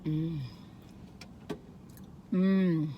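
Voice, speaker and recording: A woman chatting casually as she reviews food, rambling and digressive, gushing with excitement and laughing often. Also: low voice, drawn-out words, highs cut off, slight background noise. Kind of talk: casual chat.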